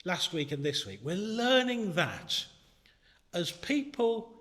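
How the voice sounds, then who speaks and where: A man preaching a sermon in a church, earnest and conversational, ranging from hushed moments to shouting. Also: sits high, very animated, takes it slowly. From Britain. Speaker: minister. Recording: long church reverb.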